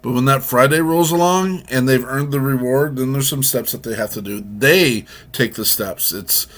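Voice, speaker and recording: A man's voice: medium pitch, moderate pace. A man co-hosting a casual chat show, telling a long story with many restarts. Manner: rambling, warm storytelling with restarts. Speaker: co-host.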